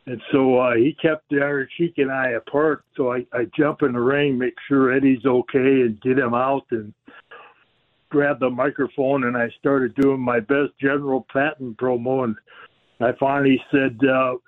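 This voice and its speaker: A male guest on a radio show telling a lively story, acting out the voices of the people in it. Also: mid-range voice, moderate pace. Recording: tinny phone line.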